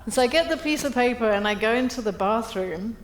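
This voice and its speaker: Speaking quickly in a voice on the high side, a middle-aged keynote speaker entertains a breakfast crowd with funny stories at her own expense, animatedly acting out quotes. The recording has an echoey hall sound and a little hiss or hum.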